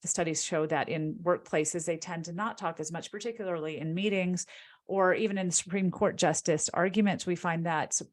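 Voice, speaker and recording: A woman linguist and author answering audience questions in an explanatory, lecture-like way, with animated rises when she stresses a point. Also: on the low side, normal speed.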